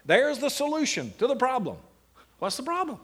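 A man's voice: extremely high pitch, sing-song, moderate pace, fairly bright tone, slightly rough. A middle-aged man giving a classroom lecture on Bible meditation, putting questions to his students and answering them. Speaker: seminary lecturer.

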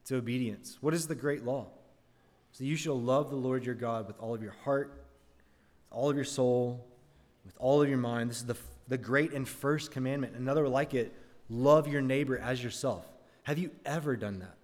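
A man's voice: mid-range voice, normal speed, a little mellow, big-room sound. A man preaching a sermon, earnest, asking the congregation rhetorical questions. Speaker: pastor.

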